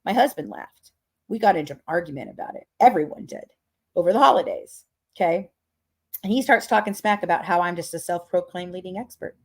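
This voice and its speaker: A woman's voice: fairly low pitch, fairly quick, slightly rough. A woman hosting a podcast, telling a story in a casual rant that is profane, emphatic and dramatic. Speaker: podcast host.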